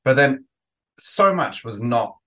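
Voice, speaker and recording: A man's voice: mid-range voice, sing-song, slow, a bit bright. A man co-hosting a casual podcast chat, rambling with frequent restarts and some swearing. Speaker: podcast co-host.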